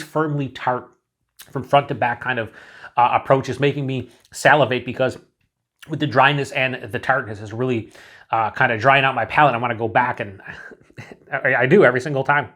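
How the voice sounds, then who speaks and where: A man talks through a beer review on his own, loose and rambling. He trips over words, circles back and throws in the odd swear word. His voice sits at an ordinary middle pitch. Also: normal speed, a bit bright. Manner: rambling, enthusiastic, frequent "like" and restarts, swears casually. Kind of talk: casual solo review.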